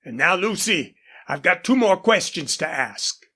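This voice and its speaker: A woman voicing an older male rancher, an indulgent, horse-proud father, in a husky, drawling audiobook character voice. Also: fairly low pitch, sing-song, measured pace, bright, forceful tone, exaggerated voice.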